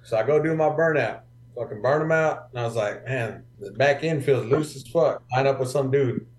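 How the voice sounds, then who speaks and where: A man chatting casually on a podcast, his voice sitting at an ordinary middle pitch. He tells stories in a loose, profane, animated way, full of swearing. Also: moderate pace, background noise. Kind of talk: casual storytelling chat.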